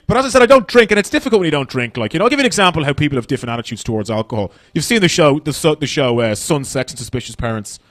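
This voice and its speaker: Dublin man, rapid-fire stand-up delivery, swears freely, dry close-miked sound. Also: on the high side, animated, no room sound. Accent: Dublin Irish. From Dublin, Ireland. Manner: profane, blunt, rapid-fire. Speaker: stand-up comedian. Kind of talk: stand-up comedy set. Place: comedy stage.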